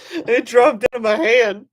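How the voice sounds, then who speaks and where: A knife collector chats casually on a livestream, excitable and rambling, addressing viewers in the chat by name. The voice is medium-pitched and takes its time.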